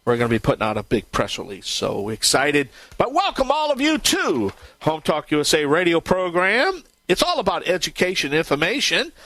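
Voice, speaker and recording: A man's voice: a little high, a bit bright, no room sound. A man hosting a home improvement radio talk show, upbeat and rambling with lots of filler words.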